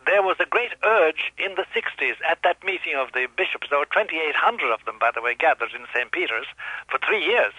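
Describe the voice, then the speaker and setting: A guest on an archive radio show explains history in an emphatic, lecturing way. His voice is bright and sharp, a little high for a man, and the sound is dry. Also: animated, a little fast, breathy edge, no room sound, rough recording.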